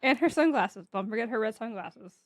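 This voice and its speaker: A woman's voice: fairly high pitch, expressive, a little fast, dry recording. A woman co-hosting a podcast, speaking bluntly and emphatically in casual chat. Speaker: podcast co-host.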